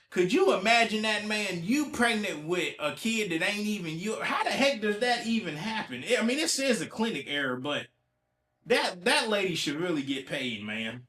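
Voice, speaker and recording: A man's voice: sits high, big pitch swings, normal speed, pushed and bright, echoey room. A man from Ohio hosting a casual solo podcast while a little under the weather, chatting loosely and repeating himself as he reacts to news headlines. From Ohio, USA. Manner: colloquial, repeats himself, talks back to headlines. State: a little sick. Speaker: podcast host.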